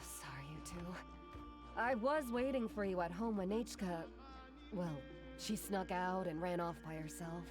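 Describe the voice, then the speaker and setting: An actress voicing a gentle young woman in a video game who cares for her Saurian, speaking softly and reassuringly. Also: on the low side, a little slow, over music, close to an everyday voice. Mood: apologetic. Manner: soft, caring, reassuring.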